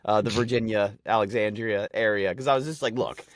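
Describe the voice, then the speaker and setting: A man's voice: fairly low pitch, steady tone, fairly quick, no room sound, studio quality. A man co-hosting a podcast, telling a rambling, profane, self-mocking story in casual chat. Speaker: podcast co-host.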